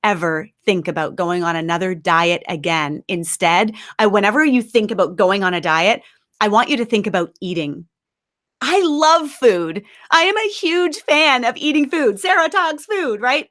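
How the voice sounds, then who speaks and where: A woman giving an encouraging, emphatic webinar talk as a nutrition coach, at times guiding a slow breathing exercise. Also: fairly high pitch, fairly bright tone.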